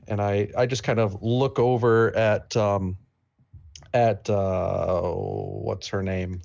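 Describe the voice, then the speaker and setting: A man playing a tabletop game, talking in a hesitant, halting way with many fillers. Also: on the low side, flat delivery, gravelly, a little mellow, dull audio. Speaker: player.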